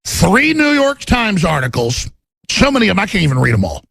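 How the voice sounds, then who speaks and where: A middle-aged man hosting a political talk radio show, delivering an intense, ranting monologue with a gravelly, husky voice. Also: wildly swooping pitch, brisk, fairly bright tone, dry recording. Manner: intense, ranting, swings to menacing low growls in acted quotes.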